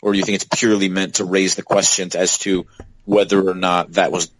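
A man's voice: low-pitched, level tone, brisk, dry recording, low-quality recording. A man co-hosting a podcast in casual chat, talking thoughtfully and asking reflective questions. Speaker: podcast co-host.

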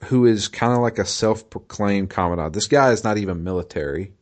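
A man in casual chat, recapping a game in a halting way with many fillers and restarts. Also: fairly low pitch. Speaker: podcast co-host recapping a video game.

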